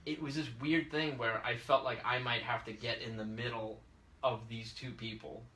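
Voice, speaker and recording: Animated New man telling a story. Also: mid-range voice, moderate pace, far from the mic. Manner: animated, acts out quoted voices. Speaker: podcast host. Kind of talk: casual storytelling chat. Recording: echoey room, away from the mic.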